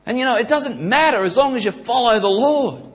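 A man preaching a sermon, building to loud emphatic peaks and repeating his key questions. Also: very high-pitched, lively intonation, brisk. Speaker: pastor.

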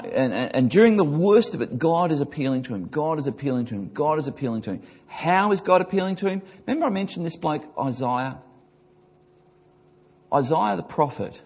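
A man's voice: fairly high pitch, darkish tone, husky. A man preaching a sermon as pastor, with emphatic rises and drops, reading scripture and commenting on it in a church. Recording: long reverb of a large hall.

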